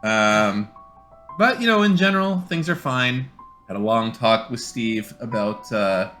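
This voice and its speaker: A man's voice: mid-range voice, a little slow, soft background music. A man in casual, teasing chat with friends on a live stream. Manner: joking, teasing, animated.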